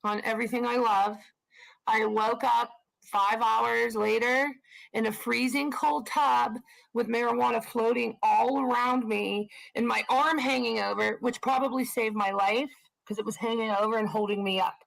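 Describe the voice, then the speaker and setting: A woman co-hosting a live stream, telling frank, animated personal stories and swearing for emphasis. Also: a little high, normal speed, gravelly, low-quality recording. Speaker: co-host of a live stream channel. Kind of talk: casual storytelling on a live stream.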